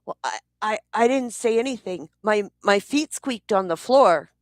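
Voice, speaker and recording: A woman's voice: mid-range voice, expressive, unhurried, dry recording, clean studio sound, voice pushed up, natural voice. Woman mimicking an evasive stammering man. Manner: hesitant, stammering, defensive. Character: evasive stammering adult male partner.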